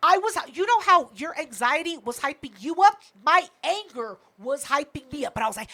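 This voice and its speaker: A woman's voice: sits high, animated, moderate pace, few pauses, sharp tone. A woman co-hosting a podcast, telling a story in casual chat, emphatic, heated and full of swearing. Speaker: podcast co-host.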